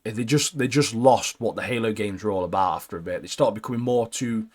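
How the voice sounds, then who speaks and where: A man's voice: lowish voice, brisk, darkish tone. A young man co-hosting a casual gaming podcast, bluntly giving his opinions and saying "mate" constantly. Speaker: podcast co-host.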